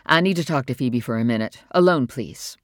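A narrator voicing a protective middle-aged mother who speaks gently but firmly. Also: mid-range voice, animated, a little fast, dry recording, close to an everyday voice, rough recording. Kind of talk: audiobook character voice.

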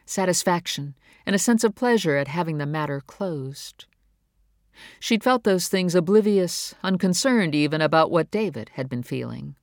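In clean, studio-quality sound with no room sound, a mid-range voice narrates a novel. The audiobook narrator reads the script in an even, measured storytelling way.

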